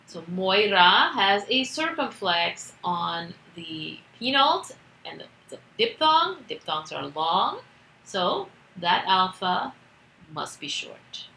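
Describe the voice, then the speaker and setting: A woman walks through a grammar lesson at an unhurried pace, patient and methodical, pausing on fillers as she goes. Her voice is bright with a gravelly edge. The room around her rings with echo. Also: medium pitch, very animated, a little hiss or hum. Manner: patient, step-by-step explaining with fillers. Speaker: Greek teacher.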